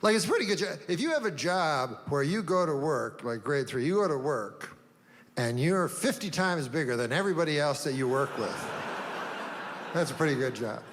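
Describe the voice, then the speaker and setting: A deadpan male comedian works through a rambling stand-up set at a slightly high pitch. His voice rings with a long hall reverb over faint background noise. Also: moderate pace. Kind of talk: stand-up routine. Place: comedy stage before a live audience.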